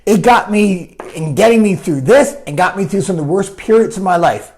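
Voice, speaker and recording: Animated male life coach, lively pitch. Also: a little fast. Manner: animated, keeps asking "right?", acts out quoted voices. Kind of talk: live coaching talk answering viewer comments.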